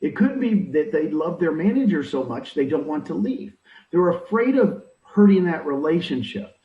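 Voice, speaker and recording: A man's voice: on the high side, very animated, normal speed. A man giving punchy advice with rhetorical questions, recorded echoey, distant and dull. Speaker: interviewee, real estate recruiting mentor. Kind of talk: animated advice talk.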